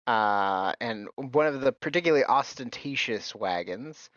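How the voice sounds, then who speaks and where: A man narrates a tabletop game as game master, often pausing with fillers and lively in his pitch. The recording is dry, dull and lo-fi. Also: no room sound. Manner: hesitant, filler-heavy narration.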